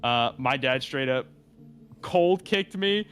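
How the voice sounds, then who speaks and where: A man's voice: mid-range voice, lively intonation, slow pace, fairly bright tone, soft background music. A man co-hosting a casual chat who cuts in with short, dry remarks. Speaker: podcast co-host.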